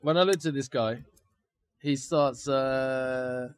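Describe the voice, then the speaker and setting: A man, co-hosting a podcast and animatedly telling a story outdoors, swearing freely and acting out shouted lines. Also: medium pitch, takes it slowly, smooth. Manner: animated, swears a lot, acts out shouted quotes. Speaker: podcast co-host. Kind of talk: casual storytelling. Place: outdoors on location.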